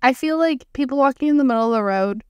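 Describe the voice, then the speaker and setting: High-pitched woman chatting on a podcast, wry quick comments, dry close sound. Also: expressive, a little mellow, smooth, no echo. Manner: quick wry reactions to a friend's story. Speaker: podcast co-host. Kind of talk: casual chat.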